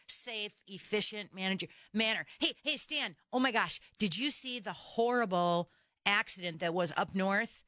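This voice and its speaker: A woman's voice: mid-range voice, no echo. Woman fired-up radio host. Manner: animated, exasperated, sarcastic rants. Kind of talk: opinionated talk radio chat. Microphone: studio microphone.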